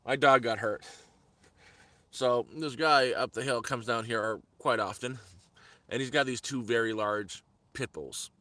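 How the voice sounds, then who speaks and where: A man's voice: medium pitch, unhurried, pushed and bright, no room sound. A man on a live stream outdoors in the woods, telling a heated story in repetitive bursts. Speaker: vlogger. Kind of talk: angry live-stream rant.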